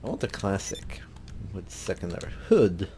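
A man hosting a gaming video, relaxed and thinking aloud as he browses car parts in casual commentary. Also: low-pitched, moderate pace, slight background noise. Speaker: gaming channel host.

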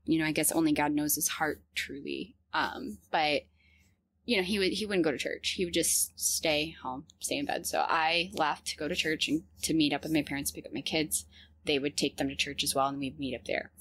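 A woman in her thirties telling a personal story in an earnest, halting way, with many fillers and restarts. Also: low voice, steady tone, a bit bright, husky, no echo.

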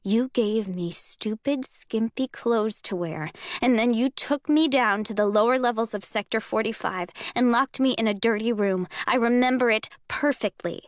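A woman's voice: a little high, normal speed, few pauses, no echo, lightly acted. Woman reading angry young heroine, raised shaky voice, accusing, dry audiobook recording. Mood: agitated. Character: young woman, furious, shaken, defiant heroine.

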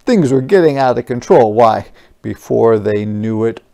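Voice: mid-range voice, animated, a little slow, vocal fry, warm tone. A kindergarten teacher reading a picture book aloud with expression, stopping to explain words and ask the children questions. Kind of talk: interactive children's read-aloud.

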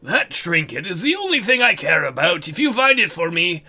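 A man voicing a humble male thrall and former outlaw in a video game, speaking softly and slowly with a pleading tone. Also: high-pitched, sing-song, gravelly, breathy edge, full character voice. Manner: soft, slow, pleading.

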